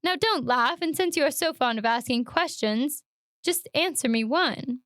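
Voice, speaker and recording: Brief: gruff sailor customer, quick-tempered and loud, pitched high, dry close sound, a woman putting him on. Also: expressive, no room sound. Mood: indignant. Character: blunt, gruff seafaring man, quick to anger. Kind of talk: dramatic read-aloud.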